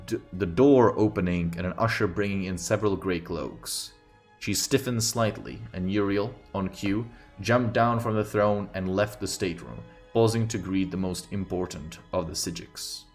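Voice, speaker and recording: Male streamer-storyteller, low and steady, light music underneath. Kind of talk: reading a fantasy story aloud on a stream.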